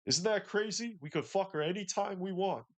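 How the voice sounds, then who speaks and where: A boastful macho man , played by a man in a mock impression, forces his tone to sound tough while he brags. The delivery drips with exaggerated swagger and sits a little high. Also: moderate pace, lightly acted.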